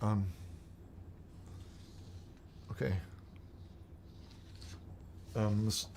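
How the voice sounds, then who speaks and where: A man hosting a comedic call-in show in the style of a preacher. He swings between mumbled reading of messages and loud, exasperated ranting. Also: on the low side, little pitch movement, extremely slow, a little hiss or hum.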